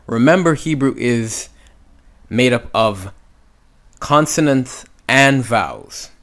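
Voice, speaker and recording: A man's voice: mid-range voice, lively intonation, slow, fairly bright tone. A man teaching Hebrew reading in a video lesson, sounding out syllables and often checking in with "okay?". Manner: patient, repetitive, checks in with "okay?".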